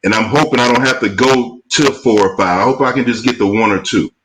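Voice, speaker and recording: A man's voice: medium pitch, a bit bright, slight background noise, poor audio. A man hosting a casual chat as a film producer, blunt and emphatic, on a video call. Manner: blunt, emphatic, drawn-out asides.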